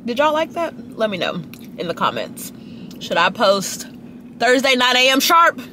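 This young woman is a lifestyle vlogger from Dallas, Texas, chatting to her phone camera and gossiping about people at a restaurant. Her voice is sharp and a little slow, with wildly swooping pitch, and there's slight background noise.

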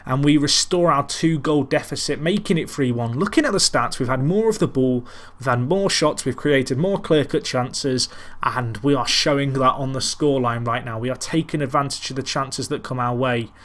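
A man's voice: medium pitch, moderate pace, few pauses, a bit bright. A man casually commentating on his football management game, rambling and self-deprecating while calling the match like a commentator. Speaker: gaming commentator. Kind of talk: casual Let's Play commentary.

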